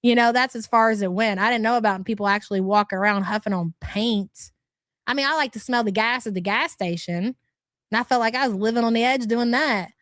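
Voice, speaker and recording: A woman's voice: fairly high pitch, brisk, fairly bright tone, dry recording, studio quality. A woman hosting a casual livestream, reading her chat and ranting bluntly with lots of swearing and frequent laughs. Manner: blunt, profane, exasperated ranting; laughs often.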